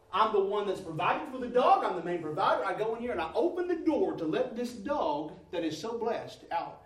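Middle-aged preacher, high and animated, telling a folksy story; echoey room, a bit off-mic. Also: male voice, far from the mic. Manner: folksy, animated storytelling, rising to loud exclamations. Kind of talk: storytelling sermon.

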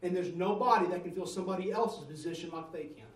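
A man with a high voice preaches a sermon, telling a story and asking the congregation to answer back. He stands away from the mic in a roomy church, so his voice carries a lot of room echo. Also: fast talker, far from the mic.

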